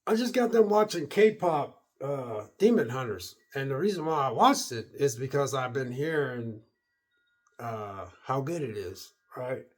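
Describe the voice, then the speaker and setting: A man's voice: medium pitch, lively intonation, unhurried. A middle-aged man vlogging a casual, rambling movie review, repeating himself and acting out his own reactions. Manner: rambling and repetitive, quoting himself.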